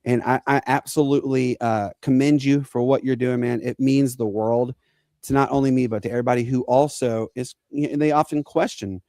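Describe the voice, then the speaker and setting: Man, forties, earnest halting storyteller, podcast co-host, gravelly. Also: medium pitch, steady tone, a little mellow, no echo. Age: 40s. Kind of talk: emotional personal story on a podcast.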